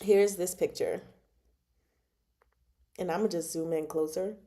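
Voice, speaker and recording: A woman's voice: fairly low pitch, fairly even intonation, unhurried, mellow. Bubbly giggly woman chatting about a book she loves, retelling scenes in playful voices. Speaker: book chat host. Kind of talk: casual chat recapping a novel.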